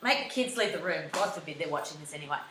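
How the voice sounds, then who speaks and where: Lively, jokey Australian woman vlogger. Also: racing, background noise. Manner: animated, jokey, swings into squeaky high voice. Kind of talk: comic confessional vlog.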